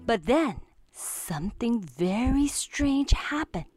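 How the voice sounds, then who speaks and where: A woman reading a children's storybook aloud in an expressive, clearly enunciated way. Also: sits high, takes it slowly, soft background music. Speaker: storybook reader.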